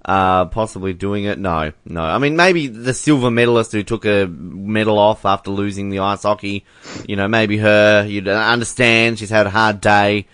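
A man's voice: lowish voice, normal speed, fairly bright tone, clean tone, no room sound, studio quality. A man from Canada co-hosting a casual chat show, laughing often and mocking with sarcasm. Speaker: podcast co-host.

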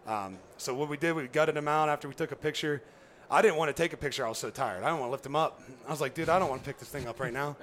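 A man telling a hunting story in an animated, casual way, acting out quotes in a raised voice and filling gaps with "you know". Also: a little high, racing, slight background noise. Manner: many fillers like "you know". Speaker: guest hunter.

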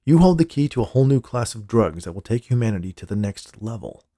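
A man's voice: fairly low pitch, very animated, quick pace, dark tone, no echo, studio quality. A man doing a smug, menacing company boss. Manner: smooth and condescending.

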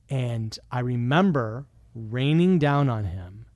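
A man's voice: medium pitch, animated, unhurried, few pauses, a little mellow, no echo, clean studio sound. A man, a podcast guest, speaking in an earnest, reflective way as he tells a personal story. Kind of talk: conversational interview.

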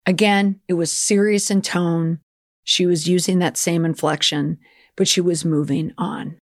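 A woman's voice: fairly low pitch, steady tone, measured pace, no echo, clean studio sound. A woman hosting a podcast about public relations, giving chatty, opinionated commentary and sometimes slipping playfully into mock accents. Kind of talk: casual commentary.

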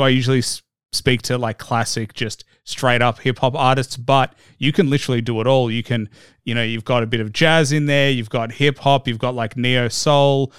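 A man's voice: medium pitch, a bit bright, smooth, no room sound, clean studio sound. An Australian man hosting a podcast interview, upbeat and chatty, rambling with lots of fillers. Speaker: podcast host. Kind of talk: casual interview chat.

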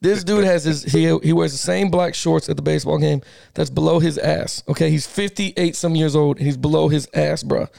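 A middle-aged man with a high, gravelly voice tells a story in a fired-up podcast chat. He keeps circling back in slang and laughs often. His voice is recorded dry and close. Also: steady tone, moderate pace, darkish tone, dry recording. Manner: slangy, repeats himself. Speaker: podcast co-host. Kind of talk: casual sports podcast chat.

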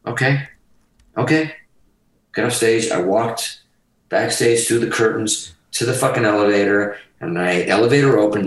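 A man from Massachusetts telling profane, animated stories as a guest on an interview show. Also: lowish voice, roomy sound, far from the mic, low-quality recording. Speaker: guest guitarist. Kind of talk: casual storytelling interview.

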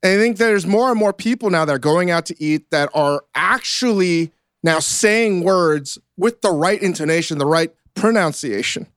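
A man's voice: high voice, moderate pace, a bit bright, no echo, clean studio sound. A man hosting a podcast, talking casually in a rambling, self-mocking way and swearing now and then. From United States. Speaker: podcast host. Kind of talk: casual chat.

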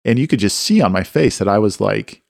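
A man's voice: lowish voice, animated, a little fast, vocal fry, darkish tone, dry recording, studio quality. A man co-hosting a mentoring talk, candid and self-deprecating, telling stories about his own kids. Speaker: co-host and father. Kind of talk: casual faith-based discussion.

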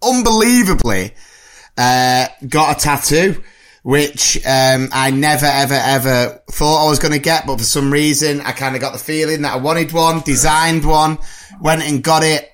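A man's voice: fairly high pitch, normal speed, fairly bright tone. A man co-hosting a podcast in casual chat, chatty and laughing often as he rambles through the sign-off. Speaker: podcast co-host.

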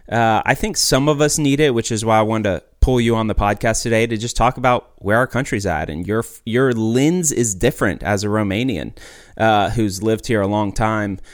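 A man hosting a podcast, talking in an energetic, emphatic, chatty way. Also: mid-range voice, no room sound, clean studio sound. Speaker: podcast host. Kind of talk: casual podcast chat.

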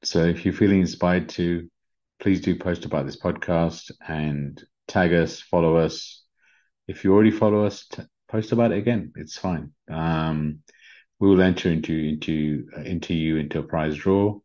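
A middle-aged man with a British accent hosting a spiritual podcast, talking gently and earnestly with many fillers and restarts. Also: low-pitched, moderate pace, highs cut off. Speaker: podcast host. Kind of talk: casual spiritual podcast talk.

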